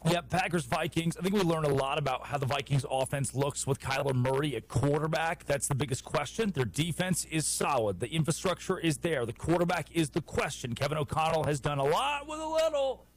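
A man from the United States hosting a sports radio show, talking football in a wry, opinionated way with quick asides. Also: fairly high pitch, animated, rough recording. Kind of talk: casual sports talk.

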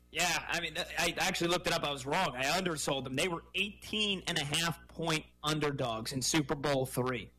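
A man's voice: a little high, brisk, hardly any pauses, rough recording. A man hosting a sports talk radio show, chatting energetically and taking calls from listeners. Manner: energetic, conversational.

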